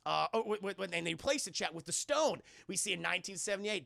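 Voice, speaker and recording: A man's voice: high voice, lively intonation, fast, creaky, few pauses, sharp tone, no room sound, clean studio sound. A man streaming a casual film recap, rambling and profane, often talking straight to his chat.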